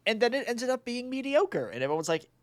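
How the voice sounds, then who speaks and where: A man's voice: extremely high pitch, sing-song, brisk, dry recording. A young man co-hosting a podcast, chatting casually, laughing and swearing freely. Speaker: podcast co-host. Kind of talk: casual chat.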